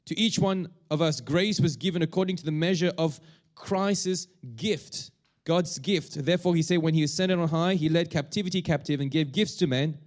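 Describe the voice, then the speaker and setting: A male pastor preaching a sermon, talking in a halting way with many restarts and fillers. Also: on the high side.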